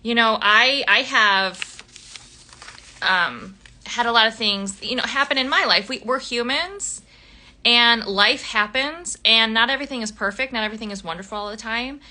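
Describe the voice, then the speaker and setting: A young woman hosting a live book club, chatting animatedly about a novel, laughing often and filling pauses with ums. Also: a little high, bright, forceful tone. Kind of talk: casual book chat on a livestream.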